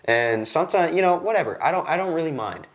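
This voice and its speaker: A young man hosting a podcast in a studio, telling a casual work story and acting out the people in it with sudden jumps in his voice. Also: quick pace. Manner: animated, acts out quoted lines with jumps in pitch. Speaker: podcast host.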